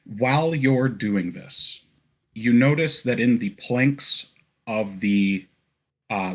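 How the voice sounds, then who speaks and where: A man with a low, slightly rough voice runs a tabletop game as game master. He describes scenes at ease, frequently laughing and dropping fillers.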